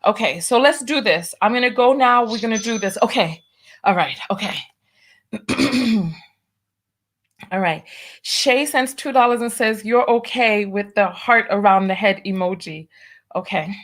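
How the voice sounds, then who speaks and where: A woman's voice: mid-range voice, unhurried, long pauses, a bit bright. A woman hosting a casual livestream, nervous and stalling, repeating herself as she reads viewer comments aloud. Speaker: livestream host.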